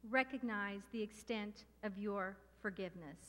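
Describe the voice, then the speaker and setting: A middle-aged woman preaching a sermon with passion and emphasis, slowing down to stress key words. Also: mid-range voice, a bit bright. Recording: long hall reverb.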